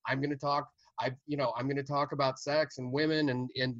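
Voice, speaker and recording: Blunt older American comedian, dull audio. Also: male voice, medium pitch, little pitch movement, brisk, fairly bright tone, no room sound. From United States. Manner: blunt and unapologetic, chuckling through his points. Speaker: stand-up comedian, guest. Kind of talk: casual interview chat.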